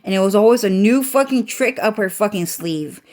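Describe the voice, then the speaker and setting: A woman's voice: medium pitch, moderate pace, darkish tone. Profane, rambling woman telling a story. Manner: profane, repetitive, chains "and then". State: stuffy, congested voice. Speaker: vlogger.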